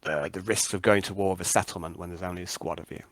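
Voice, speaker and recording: A man's voice: sits low, steady tone, fast, dry recording. A man, running a tabletop game as game master and narrating with hesitant starts. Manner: hesitant, many ums and restarts.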